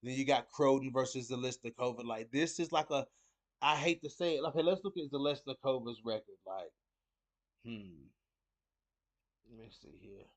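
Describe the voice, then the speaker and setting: A man's voice: medium pitch, fairly quick. Man, casual fight talk, rambling, stumbles and repeats himself, midrange voice. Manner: rambling, repeats words, heavy fillers. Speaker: host of a fight picks show.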